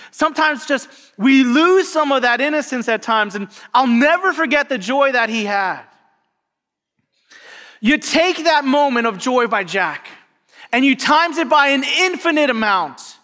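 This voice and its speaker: A man pastor telling a story in a sermon, animated and rising high at the climax, recorded in a church. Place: church sanctuary. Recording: long reverb of a church hall.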